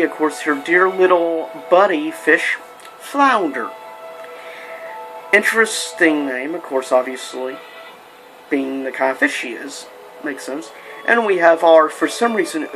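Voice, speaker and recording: A man's voice: on the high side, poor audio. A man giving a casual, rambling movie review, with lots of fillers and restarts.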